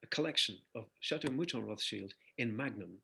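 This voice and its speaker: Older male guest, animated anecdotal storyteller, rough gravelly voice. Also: lowish voice, fairly quick. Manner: animated anecdotal storyteller, laughs between phrases. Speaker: singer-songwriter guest. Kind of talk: conversational interview storytelling.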